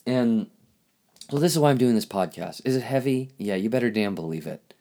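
A man hosting a podcast, speaking in a halting, reflective monologue with lots of restarts, and openly emotional. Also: mid-range voice, lively intonation, mellow. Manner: halting, searching for words, emotional. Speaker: podcast host.

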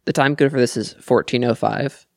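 A man co-hosting a fan podcast in casual chat, delivering crude jokes deadpan and often laughing. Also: medium pitch, brisk, gravelly, no room sound, studio quality. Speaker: podcast co-host.

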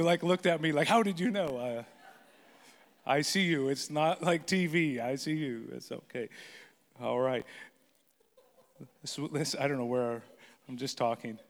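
A man's voice: mid-range voice, unhurried, pauses often. A man in his fifties, a pastor telling funny stories from his own life during a sermon, self-deprecating and joking with the congregation. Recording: hall reverb.

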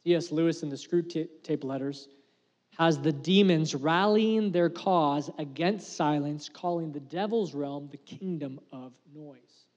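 A man preaching a sermon as pastor, earnest and conversational, dropping to a hush for emphasis. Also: a little high, normal speed, long reverb tail, muffled recording. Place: church sanctuary.

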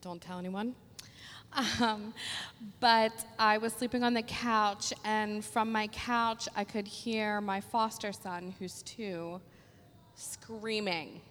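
A woman's voice: mid-range voice, fairly even intonation, slow pace, fairly bright tone. A woman with a cold telling a personal story at a church service, chatty and self-deprecating, with ums. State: has a cold. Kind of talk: storytelling sermon. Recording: long echo of a hall.

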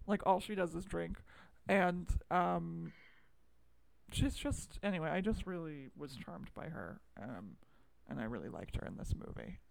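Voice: mid-range voice, animated, measured pace, vocal fry. A podcast co-host in casual movie-review chat who rambles, runs themselves down and swears freely.

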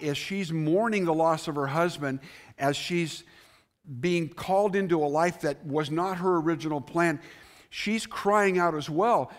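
Earnest preaching pastor, higher voice. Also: male voice. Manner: earnest preaching, rising emphasis then dropping soft. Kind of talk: sermon. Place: church sanctuary.

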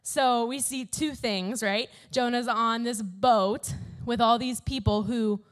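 A young woman preaching to a youth group in a relaxed, chatty way, full of slang and easy laughs. Her voice sits a bit high and bright in pitch. She reads and prays warmly but informally. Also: slow. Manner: slangy, upbeat, laughs often. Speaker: youth pastor. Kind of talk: casual sermon.

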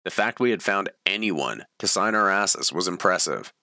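A man's voice: low-pitched, lively intonation, moderate pace, vocal fry, bright, forceful tone, dry recording, studio quality. A man reading his own story aloud in a plain, matter-of-fact way. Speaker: memoir reader.

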